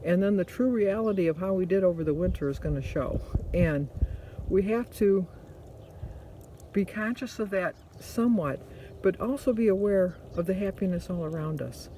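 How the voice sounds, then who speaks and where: Mellow-voiced woman giving casual pep talk. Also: medium pitch, normal speed, slight background noise. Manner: rambling storytelling with self-corrections. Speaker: vlog host. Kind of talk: casual motivational chat.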